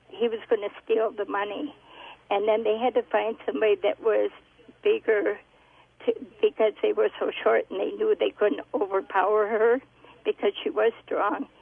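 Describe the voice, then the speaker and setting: A woman calling in to a radio show, telling a story haltingly with many pauses and ums. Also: medium pitch, creaky, breathy edge, dry recording. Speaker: caller. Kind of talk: phone-in story. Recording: tinny phone line.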